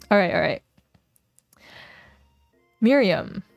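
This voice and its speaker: A woman's voice: mid-range voice, creaky, dry recording. A woman streamer reading a dating game aloud in a playful, casual way, chatting with her viewers between lines. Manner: playful, laughs often, reads game text aloud.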